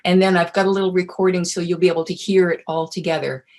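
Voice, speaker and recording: A woman presenting a wellness webinar in a relaxed, casual teaching manner, friendly and chatty with frequent fillers. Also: lowish voice, fast.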